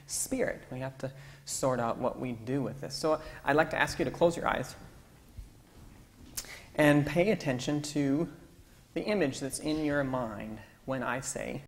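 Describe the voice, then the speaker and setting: A man's voice: mid-range voice, measured pace. A male pastor giving an interactive sermon, conversational and coaxing the congregation to call out answers. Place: church sanctuary. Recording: long church-hall reverb, faint ambience.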